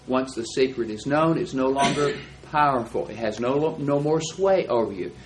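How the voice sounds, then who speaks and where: A man teaching a Bible class, explaining verses and reading them out slowly and deliberately. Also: mid-range voice, noisy background.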